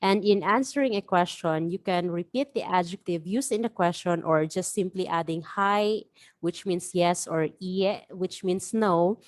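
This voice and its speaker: A woman teaching a beginner language lesson, explaining patiently and repeating example phrases slowly. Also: lowish voice, no echo, clean studio sound.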